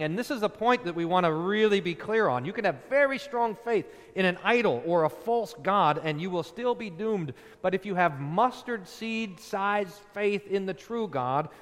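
A man's voice: sits high, fairly bright tone, in a large hall. A man preaching a sermon as a pastor, emphatic, with rhetorical questions and rises in stress.

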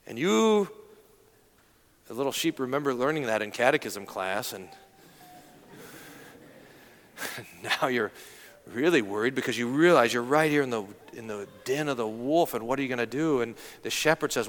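A male pastor preaching an earnest sermon, telling a story and slowing down to go soft on key lines. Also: medium pitch, animated, in a large hall. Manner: earnest storytelling, drops to slow and soft for emphasis.

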